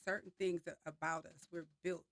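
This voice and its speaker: Lively storytelling woman, dry close sound. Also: lowish voice, moderate pace, gravelly, no echo. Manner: animated, storytelling with fillers and laughter. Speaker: discussion host. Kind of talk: casual group discussion.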